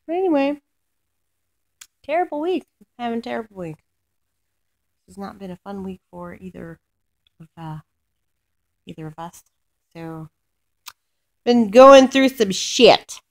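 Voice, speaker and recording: A woman's voice: mid-range voice, lively intonation, a little slow, vocal fry, pauses often. A young woman venting in a rambling, exasperated way, swearing often and restarting her sentences as she tells about her week. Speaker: vlogger. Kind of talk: casual rant to camera.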